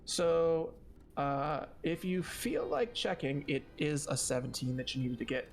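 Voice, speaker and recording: A man running a tabletop game as game master, speaking haltingly with many fillers and restarts. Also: fairly high pitch, lively intonation, a little hiss or hum.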